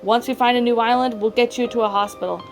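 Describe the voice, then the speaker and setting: Earnest female dog sidekick voiced by a woman, pleading, higher voice. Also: steady tone, quick pace, soft background music, close to an everyday voice. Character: loyal female dog assistant, protective and earnest.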